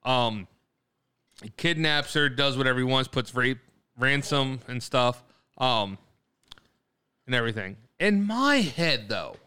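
Bright, clear-voiced man telling a story. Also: mid-range voice, expressive, measured pace, pauses often. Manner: rambling storyteller, laughs often, casual swearing. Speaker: podcast co-host. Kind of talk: casual podcast chat.

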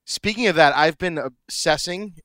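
Bright-voiced man telling dad jokes. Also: a little high, normal speed, smooth. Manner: jokey, tells dad jokes and laughs at them. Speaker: podcast co-host. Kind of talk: casual chat.

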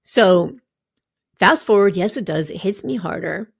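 A woman's voice: mid-range voice, animated, measured pace, vocal fry, breathy edge, no room sound, studio quality. A middle-aged woman health coach talking candidly and conversationally, with asides to her listeners. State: recovering from a draining treatment. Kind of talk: casual personal talk to followers.

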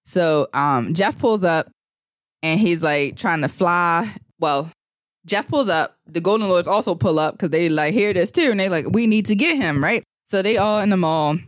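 A man's voice: high voice, normal speed, a bit bright, dry recording. Podcast co-host, man, casual rambling recap with bits of acted dialogue; dry, close recording. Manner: rambling storyteller, acts out lines.

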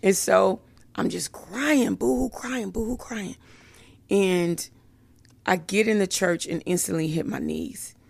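Woman sharing her testimony, slow and heartfelt, gravelly low voice. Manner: slow and emotional, many "um" fillers, laughs often. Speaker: speaker giving a testimony. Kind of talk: personal faith testimony.

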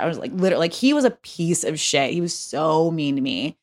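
A young adult woman, a podcast guest, telling an animated, profane story full of fillers in casual chat. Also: low-pitched, quick pace.

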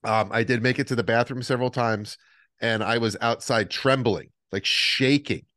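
A man chatting on a podcast, telling animated stories and acting out what people said. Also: medium pitch, normal speed, dry recording, studio quality. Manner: animated storyteller, acts out the voices in his stories. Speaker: podcast co-host. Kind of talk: casual podcast chat.

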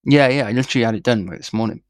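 A man's voice: medium pitch, rapid-fire. A man hosting a casual podcast chat, joking and self-deprecating, with a slight lisp from new braces. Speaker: podcast host.

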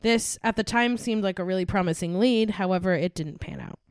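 A woman's voice: mid-range voice, a little fast, clean tone, dry recording, clean studio sound. A young woman co-hosting a podcast, chatting with her friend and then reading through a murder case, laughing often. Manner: chatty, giggly, reads case notes. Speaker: true crime podcast co-host. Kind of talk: casual podcast chat and case narration.

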